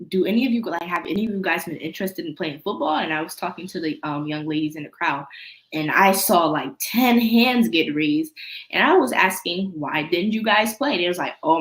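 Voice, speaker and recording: A teenage girl telling stories as a guest in a casual interview, animated and acting out what others said. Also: on the low side. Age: teens. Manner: animated, acts out her mother's shouting. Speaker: guest, young football player. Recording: roomy echo.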